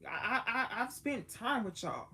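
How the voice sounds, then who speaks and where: Woman voicing Jesus, high and slangy. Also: lively intonation, unhurried, pushed and bright. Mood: exasperated. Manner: slangy, insistent, talking like a close friend. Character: Jesus as a streetwise, exasperated adult man.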